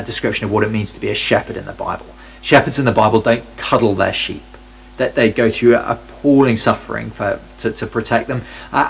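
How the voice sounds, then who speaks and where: A man's voice: medium pitch, creaky, slightly rough, poor audio. A man reading a Bible passage aloud and commenting on it in a conversational, wry way, often stopping to restart his sentences. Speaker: Bible teacher.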